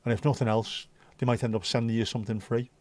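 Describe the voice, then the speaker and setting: Scouse male streamer, warm low-key tone, dry close sound, rambling casual chat. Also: flat delivery, fast talker, dry recording. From Liverpool, England. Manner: chatty, rambling, swears freely. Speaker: livestream host.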